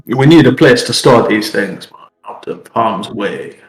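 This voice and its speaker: Male player, slow and hesitant, low pitch, roomy echo. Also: expressive, faint music behind. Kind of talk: playing a tabletop game.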